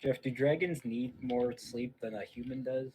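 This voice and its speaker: A man's voice: mid-range voice, steady tone, normal speed, dark tone, a little hiss or hum, low-quality recording. A man playing his character in a tabletop game, joking and boasting with the game master. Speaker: player. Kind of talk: in-character tabletop role-play.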